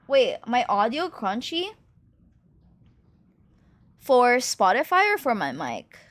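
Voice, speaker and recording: A young woman from China chatting casually on her stream, animated and rambling, with lots of fillers and swearing. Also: a little high, slow pace, dry recording. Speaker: VTuber streamer. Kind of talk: casual chat.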